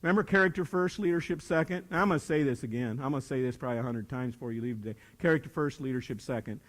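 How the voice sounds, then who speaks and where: A man's voice: mid-range voice, racing, fairly bright tone, long reverb tail. An older man giving a speech to a young audience about leadership. He talks in an emphatic, joking manner and keeps repeating his key phrases like a preacher. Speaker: motivational speaker.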